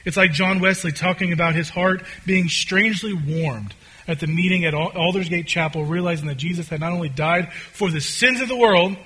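A man preaching a conversational sermon as a pastor, swinging between loud, excited stretches and quiet, hushed ones. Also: high voice, normal speed, breathy edge.

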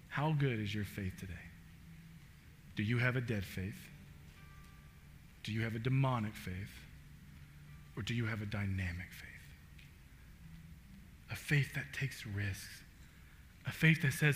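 Guy preaching a sermon, high bright voice, chatty, gets loud then goes quiet telling a story. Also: slight background noise. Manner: animated storytelling with swings in pitch and loudness; casual, conversational preaching with frequent fillers. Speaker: pastor.

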